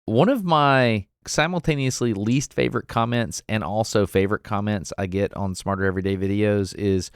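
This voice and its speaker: Man with an Alabama accent, lowish voice, dry close mic; candid guest who laughs often. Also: moderate pace, hardly any pauses, smooth, no room sound. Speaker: podcast guest. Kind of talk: casual conversation.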